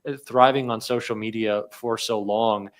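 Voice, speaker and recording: A man in his twenties talks politics as a guest. He speaks quickly and eagerly, and often stumbles into repeated words. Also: on the low side, fairly even intonation. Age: 20s. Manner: fast, enthusiastic, repeats words. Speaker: guest, YouTube show host. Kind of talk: casual political commentary.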